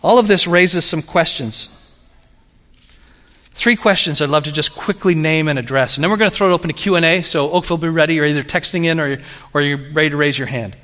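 A man preaching a sermon, telling stories in an animated, humorous way. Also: fairly high pitch, brisk. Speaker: pastor. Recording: long reverb of a large hall.

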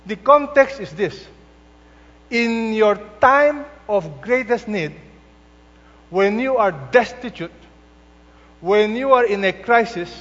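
A male pastor preaches in a high voice, taking his time and leaning hard on each quoted verse. The sound is dull and lo-fi. A long hall reverb and a faint mains hum sit behind him. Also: lively intonation, fairly bright tone. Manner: slow, emphatic preaching with drawn-out scripture quotes. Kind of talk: sermon.

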